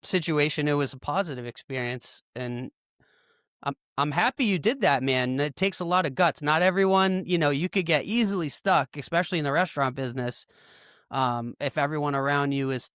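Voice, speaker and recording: A man hosting a podcast, thoughtful and a little hesitant, often restarting his sentences. His voice is slightly higher than most men's and smooth, recorded dry and close. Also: brisk, fairly bright tone, no room sound. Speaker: podcast host. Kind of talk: casual interview chat.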